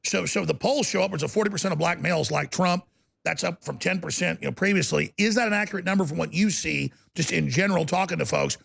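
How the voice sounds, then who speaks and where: A male political talk show host with a strongly gravelly, fry-heavy voice pitched fairly high. He talks emphatically and sounds incredulous, stacking questions on top of each other. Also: fairly bright tone. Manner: emphatic, incredulous, fast-shifting delivery.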